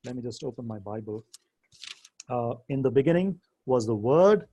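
Male Bible teacher, dark husky voice, emphatic and deliberate lecture delivery. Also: medium pitch, animated. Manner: deliberate, emphatic, slows down when quoting scripture. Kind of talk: theology lecture to a class.

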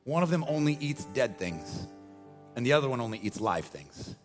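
A man in his forties preaching a sermon as pastor, energetic and emphatic with repeated refrains. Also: medium pitch, moderate pace, faint music behind. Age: 40s.

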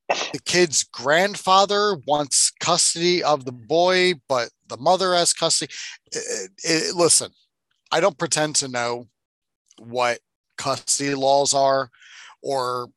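A man's voice: medium pitch, slow, a bit bright, no room sound. A man co-hosting a casual movie-review podcast, swearing freely and mocking the film with sarcasm. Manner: profane, sarcastic, acts out movie lines. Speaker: podcast co-host.

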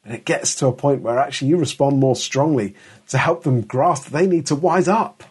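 A man's voice: mid-range voice, brisk, a little mellow, slightly rough. A middle-aged man preaching a sermon in an earnest, emphatic way, often restarting his words.

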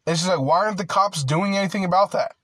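A young man rants in a loose, aggrieved monologue, full of swearing, restarts and endless fillers. His voice sits a little high for a man. The recording is dry and close, with no room echo. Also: fast, a bit bright, breathy edge. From United States. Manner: profane, rambling, filler-heavy with many "like"s and restarts; aggrieved and heated. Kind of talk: casual ranting monologue.

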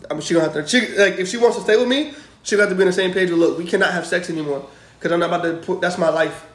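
A man's voice: high-pitched, racing, fairly bright tone, reverberant. A married man co-hosting a casual podcast, blunt and joking about relationships. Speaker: podcast co-host.

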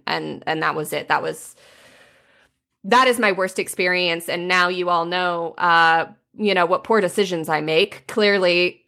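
Picture a young woman with a low, gravelly voice that still cuts through with a bright, forceful edge. She chats casually and candidly, poking fun at herself as she tells her story. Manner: candid, self-mocking storyteller. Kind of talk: casual chat.

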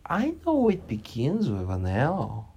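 A man's voice: medium pitch, huge pitch swings, takes it slowly, gravelly, a little mellow, slightly rough, full character voice. A man voicing a curious, polite young girl in a storybook read-aloud, speaking timidly and wonderingly.

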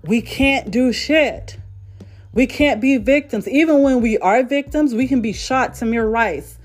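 A woman's voice: fairly high pitch, measured pace, faint music behind. A woman vlogger delivering a heated, profane monologue rant, repeating herself for emphasis.

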